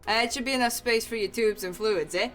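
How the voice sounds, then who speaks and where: A woman's voice: fairly high pitch, brisk, fairly bright tone, faint music behind, voice pushed up, lightly acted. Woman doing a New York rig foreman. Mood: matter-of-fact. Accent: put-on New York. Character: gruff working man, rig foreman.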